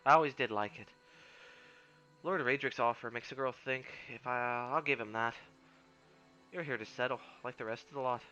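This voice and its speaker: A man's voice: medium pitch, normal speed, pushed and bright, lo-fi sound, soft background music, lightly acted. A man voicing a weathered female wilderness guide, wry and restless, in a put-on accent that drifts toward Irish, reading a game's lines aloud.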